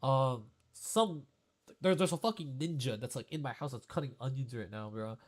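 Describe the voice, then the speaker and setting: A man's voice: medium pitch, moderate pace. A young man streamer in a tearful, rambling casual chat, full of fillers and emotion.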